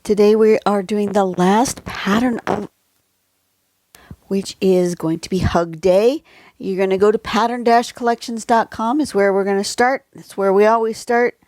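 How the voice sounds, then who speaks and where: With a mid-range, steady, slightly mellow voice and a somewhat slow pace, a woman hosts an informal livestream drawing lesson. She chats and rambles with plenty of asides while recording on a phone at home; the audio is dry and studio quality.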